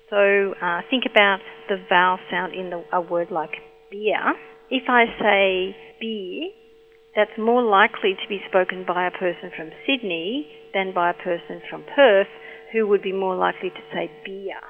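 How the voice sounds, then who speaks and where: A woman's voice: mid-range voice, normal speed. Woman expert over a tinny phone line. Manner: patient, explanatory. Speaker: linguistics expert. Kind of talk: explanatory phone interview.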